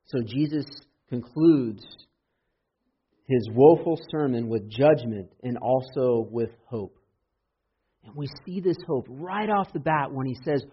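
Husky-voiced man preaching a sermon. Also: a little high, a little slow. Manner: rising to impassioned, loud emphasis when quoting. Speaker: pastor. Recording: dull lo-fi sermon audio.

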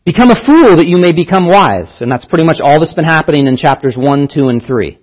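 A man's voice: on the high side, expressive, a little fast, muffled recording. A man preaching a sermon as pastor, teaching earnestly and repeating key phrases for emphasis.

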